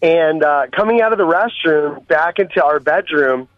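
Excited male caller on a dull line. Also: on the high side, moderate pace, dry recording. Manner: excited, calls everyone dude. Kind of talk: casual phone-in story.

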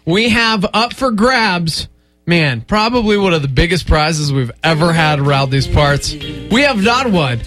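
Radio morning host, male, bright and forceful tone, quick joking delivery. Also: on the high side, animated, soft background music. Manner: jokey, quick, laughs often. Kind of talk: casual studio banter. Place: radio studio. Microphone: studio microphone.

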